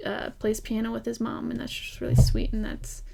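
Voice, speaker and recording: Young irish woman vlogging, kinda high voice, chatty and excited, laughs a lot. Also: fairly quick, gravelly, a little hiss or hum. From Ireland. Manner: enthusiastic, chatty, laughs often. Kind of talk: casual fan review chat.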